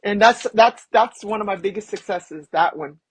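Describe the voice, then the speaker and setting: A man being interviewed as a guest, a film producer telling animated personal stories and acting out what people said. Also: high-pitched, normal speed, husky, no echo, rough recording. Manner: animated storyteller who acts out quotes. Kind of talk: casual interview storytelling.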